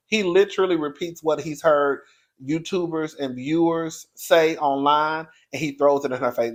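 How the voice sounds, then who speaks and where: A man hosting his own video show, giving a blunt, profane, animated commentary straight to his viewers. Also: fairly high pitch, unhurried. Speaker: online show host reviewing reality TV.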